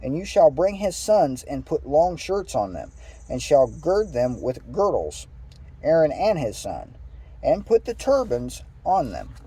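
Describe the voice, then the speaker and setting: A man's voice: on the high side, very animated, unhurried, mellow, breathy edge. A man casually reading a scripture passage aloud, stumbling over words now and then and adding his own asides. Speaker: Bible reader.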